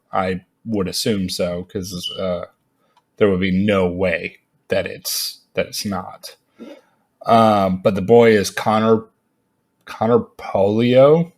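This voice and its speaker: A man casually reviewing a movie in a vlog, rambling and animated, with lots of fillers and frequent laughs. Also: lowish voice.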